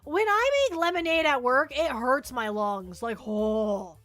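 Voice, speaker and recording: Highly animated and high-pitched, a livestream host answers viewers' questions in a casual, meandering way, repeating herself and laughing at her own expense. She keeps a measured pace, and her voice is a bit bright.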